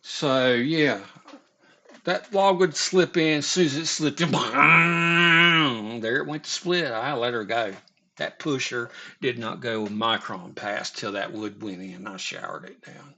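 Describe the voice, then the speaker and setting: Slow, rambling, profane male storyteller. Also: medium pitch, gravelly, a bit bright. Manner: rambling and profane, with halting restarts. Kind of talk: casual spoken storytelling. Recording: dull lo-fi recording.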